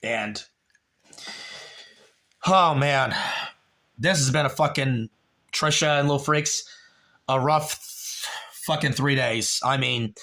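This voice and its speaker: A man's voice: mid-range voice, slow pace, long pauses, bright, forceful tone. A man on a home livestream, talking emotionally and rambling, with frequent swearing, addressing a viewer by name.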